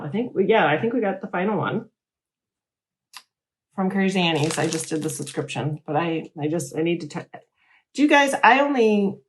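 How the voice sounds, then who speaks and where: A middle-aged woman hosting a casual crafting show, chatting in a rambling, animated way. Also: mid-range voice. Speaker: host. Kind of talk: casual chat.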